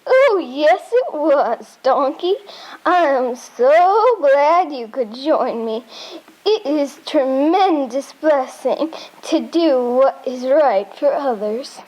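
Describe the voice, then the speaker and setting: A woman doing a slow, sweet sheep puppet. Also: sits high, animated, darkish tone. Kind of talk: children's puppet show.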